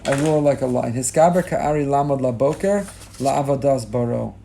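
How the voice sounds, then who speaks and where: A middle-aged rabbi giving a sermon with rising emphasis, mixing in Hebrew and Yiddish religious terms. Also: male voice, medium pitch, moderate pace, vocal fry, dark tone. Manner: impassioned, rising emphasis on key lines.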